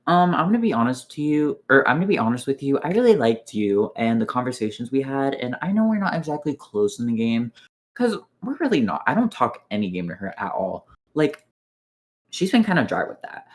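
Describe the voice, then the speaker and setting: Young guy on voice chat, chatty retelling, lots of "like", acts out quotes. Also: mid-range voice. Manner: animated retelling, full of "like" and quoted dialogue. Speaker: player in an online strategy game. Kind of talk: casual voice chat storytelling. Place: online voice chat.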